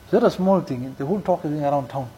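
Telling stories and driving home key lines through repetition, an Islamic preacher with a slightly high, dark-toned voice weaves Urdu and Arabic religious terms into English and swiftly recites Quranic verses in Arabic. A little hiss or hum mars the rough recording.

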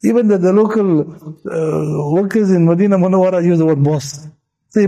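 Man, husky breathy voice, slightly high pitch, informal preaching, acts out quoted speech. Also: a little fast, warm tone, rough recording. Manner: repeats phrases for emphasis. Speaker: religious teacher. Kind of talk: informal sermon.

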